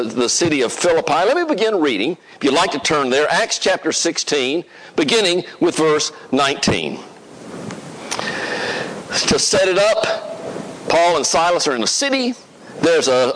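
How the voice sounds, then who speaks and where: Man preaching, kinda high voice, swoops up and down a lot, leads the crowd singing. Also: poor audio. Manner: animated, leads the congregation in song. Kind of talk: sermon with congregational singing.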